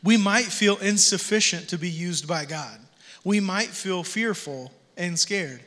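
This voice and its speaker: A man's voice: sits high, unhurried, a bit bright. A man preaching a sermon as pastor, telling the story in a casual, joking way with slang. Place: church sanctuary. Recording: long church reverb.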